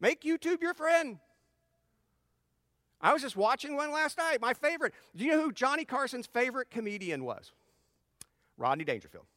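A man's voice: extremely high pitch, normal speed, pauses often, no room sound, clean studio sound. A middle-aged man giving casual advice to his audience. He mixes in personal stories and often restarts his sentences. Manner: animated storyteller with frequent restarts. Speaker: speaker addressing his audience.

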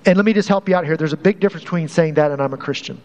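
A man's voice: sits high, very fast, a little mellow, big-room sound, lo-fi sound, slight background noise. A man preaching a sermon as pastor in a conversational way, often restarting and repeating phrases to drive a point home.

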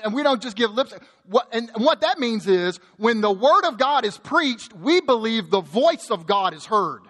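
A man pastor preaching a sermon in a church, lively and joking, often repeating words as he goes. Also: sits high, big-room sound. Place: church sanctuary.

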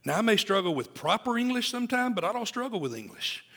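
A man in his forties preaching a sermon in a lively, joking way, swinging from loud emphasis to hushed asides. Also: high-pitched, fast talker, gravelly. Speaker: pastor.

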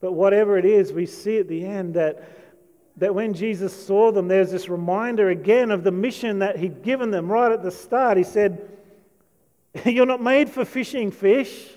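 Male preacher, high-pitched, eager storyteller, with long reverb from a big hall. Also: moderate pace, mellow. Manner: enthusiastic, storytelling with asides and quoted lines. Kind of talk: sermon.

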